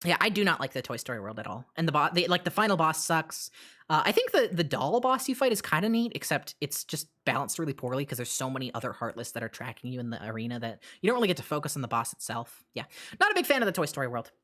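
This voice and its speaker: At her desk mic, a woman streamer answers her live chat, rambling bluntly through fillers and restarts. Her low voice swoops widely, very animated, quick and fairly bright.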